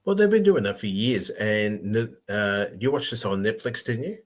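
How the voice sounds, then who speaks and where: A man co-hosting a casual podcast, talking in a relaxed, rambling way with fillers. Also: fairly low pitch, moderate pace. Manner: laid-back, rambling, with fillers and throat clearing. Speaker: co-host.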